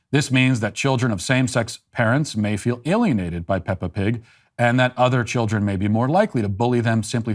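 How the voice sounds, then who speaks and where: A man in his thirties giving political commentary in a dismissive tone, with halting repeats, while reading a petition aloud. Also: mid-range voice. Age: 30s.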